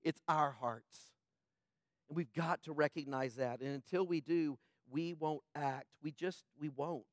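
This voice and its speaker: Impassioned high-voiced male pastor. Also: unhurried, no echo, studio quality. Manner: impassioned, swings from loud to hushed. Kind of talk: sermon.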